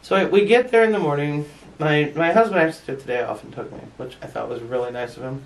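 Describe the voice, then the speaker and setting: Her low voice comes quickly and from somewhat far off the mic, with slight background noise behind it. Telling a casual story to her viewers, this woman vlogger talks frankly, laughs a lot, and curses without holding back.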